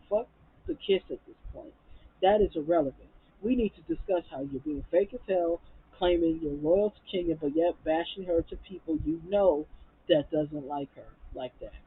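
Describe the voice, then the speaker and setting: Profane, high-pitched reviewer on tinny audio. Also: male voice, slightly rough. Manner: blunt, profane, heated ranting. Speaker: reality TV reviewer. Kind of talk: TV episode recap and review.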